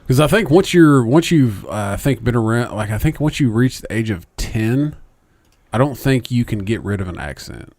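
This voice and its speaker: A man's voice: mid-range voice, animated, moderate pace, darkish tone, dry recording. A man with a Southern US accent, co-hosting a podcast in casual chat, laughing often and swearing freely. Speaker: podcast co-host.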